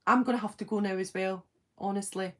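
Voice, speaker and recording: A woman's voice: medium pitch, fairly even intonation, brisk. Chatty Scottish woman on a livestream. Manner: chatty, giggly, self-deprecating, lots of ums. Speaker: host of a fan live stream. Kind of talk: casual live-stream chat, reading comments.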